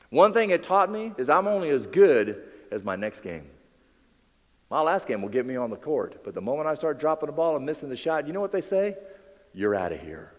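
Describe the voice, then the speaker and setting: A man giving a keynote speech as a motivational speaker, telling stories with lively acted-out dialogue. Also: on the high side, long reverb tail. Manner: animated storyteller, acts out dialogue. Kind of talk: keynote speech to a live audience.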